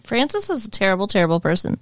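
A woman co-hosting a podcast, chatting casually, blunt and expressive, laughing often. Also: mid-range voice, quick pace. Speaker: podcast co-host. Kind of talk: casual chat.

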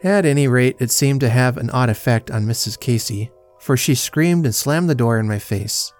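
Man, podcast host, storybook narration, measured and dry, mid pitch. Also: expressive, darkish tone, faint music behind.

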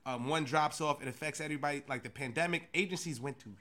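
A man's voice: fairly high pitch, fast, sharp tone. A man hosting a podcast, enthusiastic and affirming toward his guest. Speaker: podcast host. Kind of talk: casual interview chat.

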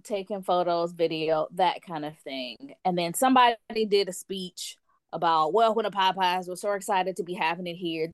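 A woman telling a long story in an animated, casual way, and she acts out other people's lines in playful voices. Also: fairly low pitch, no echo, studio quality. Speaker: guest storyteller. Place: lives in France.

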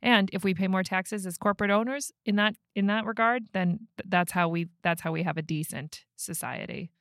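Woman hosting a podcast, chatty and laughy, mid-pitch voice, dry close sound. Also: brisk, fairly bright tone, dry recording. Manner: chatty, laughs often, restarts sentences. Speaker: podcast host. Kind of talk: casual chat.

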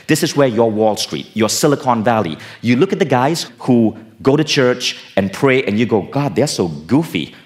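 A man's voice: medium pitch, lively intonation, moderate pace, few pauses. A male personal growth speaker giving an emphatic, casual stage talk to a live audience, with the occasional swear word. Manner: emphatic, casual, sometimes profane.

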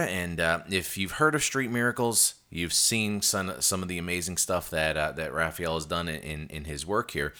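A man's voice: sits low, pushed and bright. A man hosting a faith podcast, introducing the show and guest in an upbeat, promotional way. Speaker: podcast host and church overseer.

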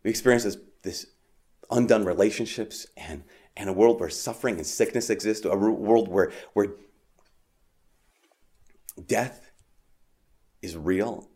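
A man preaching a homily at Mass in a conversational way, with frequent "like" and restarts, rising for emphasis and dropping soft on key lines. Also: lowish voice, measured pace, pauses often.

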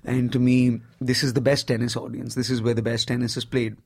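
Indian-accented man telling lively stories. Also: mid-range voice, brisk, husky. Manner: lively storyteller, peppers speech with "you know". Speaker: stand-up comedian and guest. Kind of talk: casual interview conversation.

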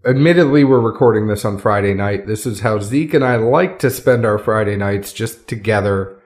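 A man's voice: fairly low pitch, moderate pace, darkish tone. A man hosting a casual podcast from a friend's home, upbeat and chatty, laughing often into a studio mic. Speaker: podcast host. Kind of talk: casual chat. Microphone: studio microphone.

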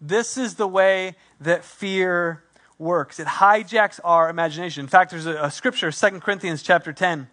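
A man preaching a sermon, telling a personal story in an animated way and acting out his own thoughts before drawing the lesson. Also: high voice, moderate pace. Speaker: pastor.

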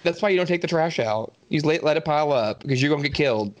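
A man's voice: fairly high pitch, expressive, fast talker. A young man co-hosting a horror movie podcast, joking and chiming in as he recaps scenes. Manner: jokey, interjecting, acts out quotes. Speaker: podcast co-host. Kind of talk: casual movie review chat.

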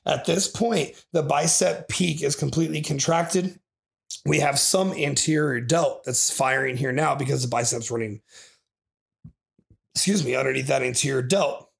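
A man's voice: medium pitch, normal speed, gravelly. A man hosting a podcast as a bodybuilding coach, ranting in an aggressive, profane way and swearing constantly.

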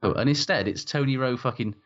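A man's voice: medium pitch, fast, music in the background. A man co-hosting a sweary podcast, ranting in exasperation. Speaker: podcast co-host. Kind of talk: casual sweary podcast chat. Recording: dull lo-fi sound.

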